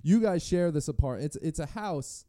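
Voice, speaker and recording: A man co-hosting a podcast, with a slightly high pitch but a very dark, mellow tone. The sound is dry and close, and he rambles through stories, swearing along the way. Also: animated, moderate pace, no echo. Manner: rambling storyteller, laughs and swears. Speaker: podcast co-host. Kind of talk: casual chat, storytelling.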